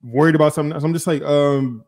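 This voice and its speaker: A young man hosting a podcast, telling a story in casual chat, animated and profane, acting out both sides of phone calls. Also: on the high side, fast. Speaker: podcast host.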